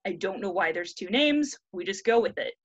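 A woman's voice: medium pitch, lively intonation, moderate pace, dry recording. A woman in her thirties, retelling a classic story in a casual, irreverent and profane way, often slipping into characters' lines. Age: 30s. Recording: dry, slightly dull lo-fi audio.

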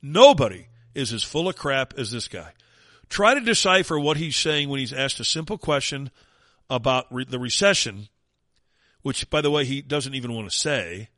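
A man's voice: medium pitch, animated, moderate pace, bright, forceful tone, no room sound, clean studio sound. A man hosting a talk radio show, delivering a sarcastic, mocking rant in an opinionated monologue.

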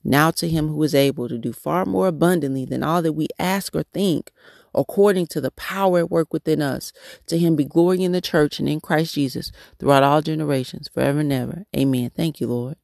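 Gravelly man praying in halting bursts. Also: fairly high pitch, darkish tone, no echo, studio quality. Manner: halting, repetitive prayer phrasing. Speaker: podcast host leading prayer. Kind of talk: devotional prayer and encouragement.

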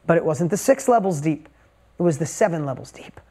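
A man's voice: a little high, lively intonation, a little fast, warm tone. A man in his forties, a motivational speaker telling a personal story to a live audience in an emphatic, intense way with punchy repeated phrases.

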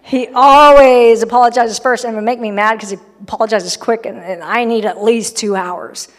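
A middle-aged woman preaches in a church, her voice a touch high and lifting into long hall reverb. She talks in a casual, joking way, acting out little voices for the people in her story. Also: steady tone, normal speed. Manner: conversational and humorous, acting out people. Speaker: pastor. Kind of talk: sermon. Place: church sanctuary.

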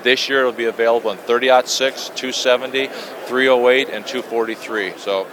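A man at a trade show booth, pitching a new product enthusiastically in an interview. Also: steady tone, normal speed, background noise. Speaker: company representative.

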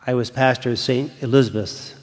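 An older man, a retired priest, preaching a sermon in a church, telling the story slowly and dropping to a hushed whisper at times. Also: medium pitch, steady tone. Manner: slow, deliberate storytelling with dramatic hushed whispers. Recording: long church reverb.

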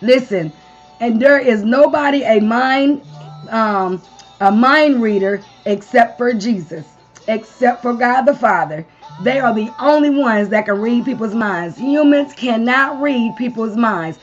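Brief woman preacher, slightly high, lo-fi stream. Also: measured pace, soft background music. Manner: call-and-response preaching with frequent amens and long spoken lists. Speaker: preacher leading a live-streamed devotion. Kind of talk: sermon.

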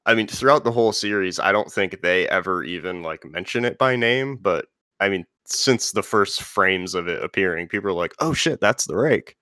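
Smooth-voiced rambling podcast host. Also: male voice, deep voice, moderate pace, sharp tone, dry recording, studio quality. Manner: rambling, filler-heavy and conversational. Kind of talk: casual podcast chat.

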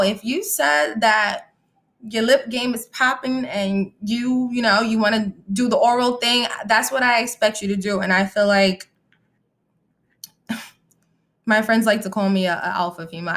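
A woman's voice: mid-range voice, a bit bright. A young adult woman hosting a casual live-audio podcast, talking bluntly and candidly and reacting to comments from the chat. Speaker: podcast host and musician.

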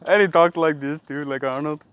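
A man's voice: on the high side, fairly even intonation, a little fast, crowd noise. Crude joking man outdoors. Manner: crude, teasing, loud outbursts. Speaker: hiker filming outdoors. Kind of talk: casual joking chat. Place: woods outdoors.

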